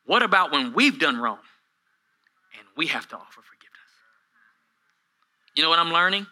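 A man around forty preaching a sermon to a congregation in a church, swinging from hushed asides to shouted peaks, with humorous self-deprecating stories. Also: a little high, expressive, moderate pace, low-quality recording. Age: 40s. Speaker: pastor. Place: church hall with a live congregation.

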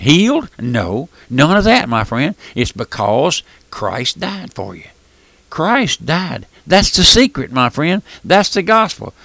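A man's voice: mid-range voice, creaky, a bit bright, dry recording. A man preaching a folksy radio sermon, emphatic and full of rhetorical questions.

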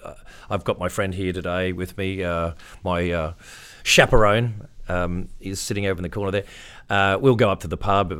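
A middle-aged Australian man with a fairly low voice tells stories in a relaxed interview. He talks casually and brings his anecdotes to life by acting out other people's voices. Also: normal speed, clean tone. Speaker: interview guest, tribute performer.

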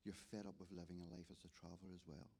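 Man, Northern Irish accent, deep voice, gravelly, storytelling testimony. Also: level tone, racing, mellow. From Northern Ireland. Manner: storytelling, acts out dialogue, many restarts. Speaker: restorative justice volunteer giving testimony. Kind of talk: church testimony talk.

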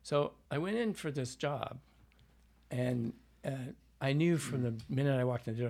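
A man's voice: medium pitch, a little fast, vocal fry, darkish tone, husky. A man from Iowa with a Midwestern American accent, a dialect coach telling anecdotes in an interview and acting out the voices he quotes. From Iowa, USA. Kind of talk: storytelling interview.

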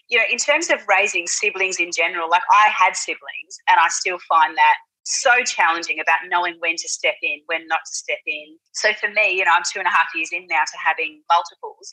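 A woman's voice: on the low side, sharp tone, dry recording, rough recording. A woman in her thirties, a guest on a podcast, talking earnestly and reassuringly about parenting in a casual chat. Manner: earnest, reassuring, many fillers.

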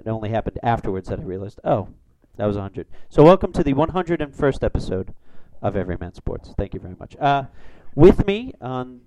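Chatty sports podcast host. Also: male voice, lowish voice, vocal fry, a little hiss or hum, rough recording. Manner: rambling, excitable when reacting to plays. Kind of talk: casual sports chat.

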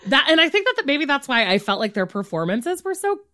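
A woman's voice: high-pitched, big pitch swings, quick pace, a bit bright. Chatty woman podcast co-host. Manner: chatty, giggly, lots of "like". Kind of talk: casual movie recap chat.

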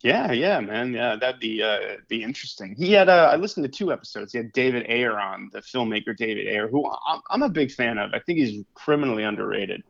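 A man's voice: mid-range voice, animated, a little fast, gravelly, hardly any pauses, a bit bright, dull audio. A man co-hosting a podcast in loose, casual chat, full of fillers and restarts, laughing easily. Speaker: podcast co-host.

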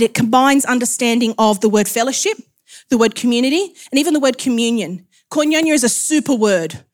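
Woman preacher, high voice, chatty and self-deprecating. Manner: chatty, laughs often, self-deprecating asides. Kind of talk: sermon.

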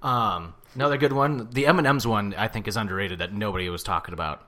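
A man's voice: fairly low pitch, fast talker, pushed and bright. A man co-hosting a casual podcast, from the St. Louis area, joking and swearing loosely about sports and ads. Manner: loose, profane, jokey banter. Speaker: podcast co-host.

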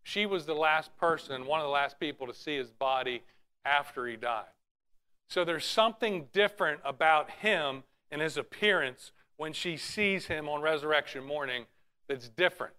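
A man's voice: fairly high pitch, moderate pace, pushed and bright, smooth. A man preaching a sermon, reading scripture aloud in an earnest way and often restarting his phrases. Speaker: pastor.

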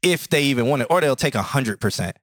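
Man, podcast co-host, lively pitch, dry close sound, joking and laughing. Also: fast talker, dry recording. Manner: laughing, joking, animated storytelling. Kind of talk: casual chat. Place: indoor studio or living room.

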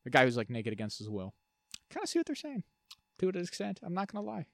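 Fast, lively man co-hosting a podcast. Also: sits high, gravelly, dry recording, studio quality. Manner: animated, jokey, trails off into muttering. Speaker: podcast co-host. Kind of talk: casual chat.

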